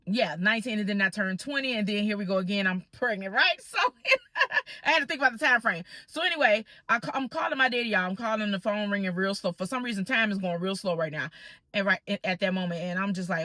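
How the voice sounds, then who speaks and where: Animated storytelling woman, dry sound. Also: mid-range voice, fast, no room sound. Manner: animated, addresses viewers as y'all, acts out quoted voices. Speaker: vlogger. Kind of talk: casual storytime.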